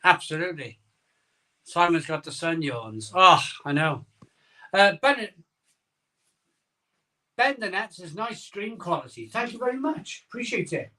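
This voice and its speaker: A middle-aged man hosts an easygoing live stream from his home conservatory, filmed on a phone camera. His high, expressive, sharp-toned voice moves at a measured pace with long pauses as he chats and reads viewer comments with sleepy humor.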